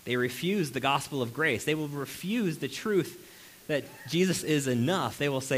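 A man's voice: on the high side, normal speed, a bit bright, poor audio. A man preaching a sermon to a congregation in a room, talking animatedly, asking rhetorical questions and slipping into voices. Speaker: pastor.

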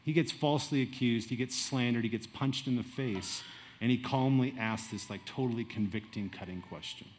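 A middle-aged man preaching a sermon in a lively way, swinging between loud and quiet and acting out asides. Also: mid-range voice, normal speed, slight background noise. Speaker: pastor.

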